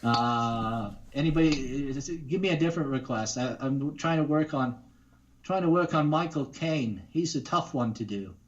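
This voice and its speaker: A man's voice: medium pitch, lively intonation, normal speed. A man who works as a voice actor, chatting eagerly as a guest in an interview, on a dull, lo-fi recording. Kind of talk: casual interview chat. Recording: dull lo-fi sound.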